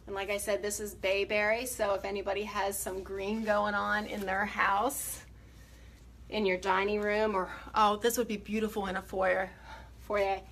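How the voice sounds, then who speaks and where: A woman's voice: mid-range voice, level tone, moderate pace, a bit bright. A woman who refinishes furniture, chatting casually and enthusiastically to viewers through a phone camera while she paints, a little out of breath. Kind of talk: casual how-to painting demonstration.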